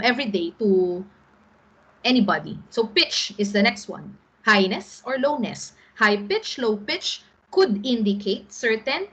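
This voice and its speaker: Husky-voiced Filipino woman teacher, patient. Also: medium pitch, muffled recording. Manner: explains patiently, often checks in with "all right?". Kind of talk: online class lecture.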